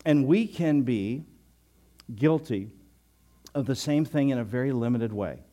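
A man's voice: mid-range voice, a little slow. An older man preaching a sermon as a pastor, telling stories with chuckles and frequent word restarts. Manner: storytelling with chuckles, animated and loud in anecdotes; repeats words, restarts.

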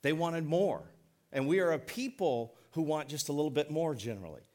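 A middle-aged man preaching a sermon as pastor, folksy and joking, leaning on words by slowing down. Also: a little high, animated, darkish tone. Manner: folksy, joking, emphatic preaching with slowed stresses.

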